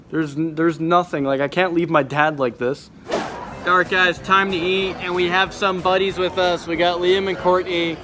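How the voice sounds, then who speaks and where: Young male vlogger, a little high-pitched, sick-sounding, rambling through a handheld camera. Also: a bit bright, slight background noise. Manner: rambling, many fillers and restarts. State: sick, voice affected by illness. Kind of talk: casual vlog to camera. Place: hospital ward and car at night.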